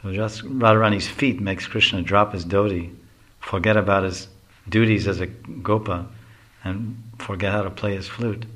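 A man reading a devotional story aloud with a bright, clear voice. He breaks off now and then for casual explaining asides. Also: fairly low pitch, steady tone, normal speed. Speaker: reader.

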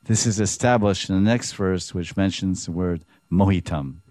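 A low-voiced man delivers an animated scripture commentary and keeps acting out bits of dialogue as he explains. His delivery is lively and storytelling. The recording is dry, with no room echo. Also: normal speed. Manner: animated storytelling, acts out dialogue, chuckles often. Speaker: spiritual teacher.

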